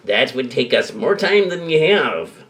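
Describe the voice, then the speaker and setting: A woman voicing a blunt, matter-of-fact male crewman with a gravelly, husky voice. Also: rumbling low, big pitch swings, unhurried, full character voice.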